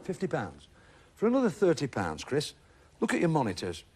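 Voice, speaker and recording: A man's voice: fairly high pitch, wildly swooping pitch, moderate pace, darkish tone, slightly rough. A man hosting a TV game show, chatting and joking with contestants in a studio. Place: TV studio with a live audience.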